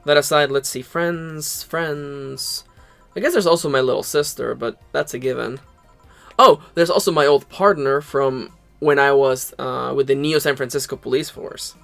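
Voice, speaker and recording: Guy reading a tough lady boss, deadpan and gravelly, pretty even tone. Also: mid-range voice, normal speed, soft background music. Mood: wry. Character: tough woman boss, wry and guarded. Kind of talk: reading game dialogue aloud.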